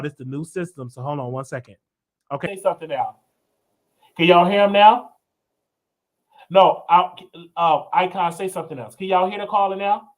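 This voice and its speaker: A man hosting a live call-in show, talking casually and animatedly, often restarting and repeating his phrases. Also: a little high. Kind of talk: casual live-stream chat with callers.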